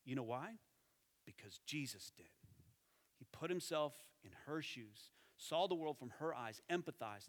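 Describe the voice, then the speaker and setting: A man preaching a sermon as pastor, conversational and animated, dropping to soft tones for emphasis. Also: mid-range voice, a little slow. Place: church sanctuary. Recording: reverberant hall.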